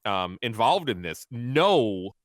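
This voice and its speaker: A male guest on a stream, explaining his view in a measured way during a casual chat. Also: mid-range voice, big pitch swings, dry recording. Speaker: guest commentator.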